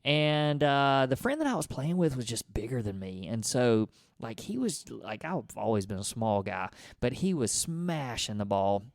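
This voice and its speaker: A man's voice: medium pitch, sing-song, normal speed, no room sound, studio quality. A man, co-hosting a podcast and telling a childhood story in casual conversation, acting out his own thoughts as he goes. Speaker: podcast co-host.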